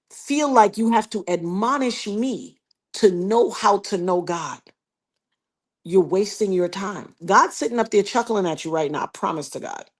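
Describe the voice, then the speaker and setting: A middle-aged woman telling a personal story in an animated, emphatic way, acting out quotes and speaking straight to the listener. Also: medium pitch. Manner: emphatic, addresses listener directly, acts out quotes.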